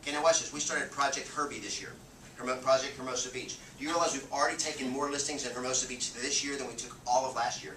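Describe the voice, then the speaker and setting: A man giving an energetic motivational training talk to a live audience, often checking in with "okay?". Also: medium pitch, quick pace. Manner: energetic, punchy, keeps asking "okay?". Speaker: real estate sales trainer. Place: meeting room with a live audience. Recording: echoey, distant, noisy room recording.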